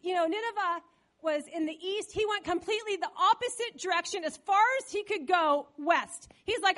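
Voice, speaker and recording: A middle-aged woman pastor preaching a sermon in a church, dramatic and animated, acting out quoted voices. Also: very high-pitched, brisk.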